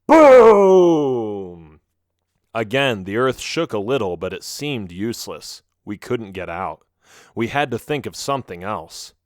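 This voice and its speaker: Expressive male audiobook narrator. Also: lowish voice, moderate pace, dry recording, studio quality. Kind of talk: first-person audiobook narration.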